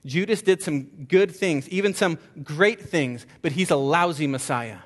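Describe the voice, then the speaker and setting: A pastor preaching a conversational sermon, emphatic, with repeated words and restarts. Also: male voice, on the high side, unhurried.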